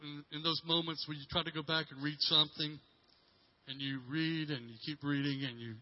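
Middle-aged pastor, dull lo-fi sermon. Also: male voice, on the high side, level tone. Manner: halting, repeats words, swings from loud to hushed. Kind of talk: sermon storytelling.

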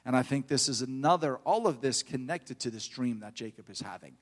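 A middle-aged man preaching a fervent sermon in church, building to loud exhortation. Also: medium pitch, animated, a little fast, big-room sound.

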